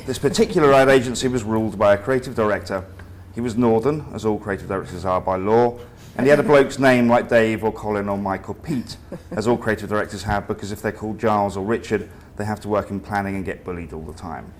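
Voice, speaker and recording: A man's voice: lowish voice, brisk. A man giving a comic, self-deprecating talk, telling a mock horror story with wry, profane asides. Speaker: invited speaker.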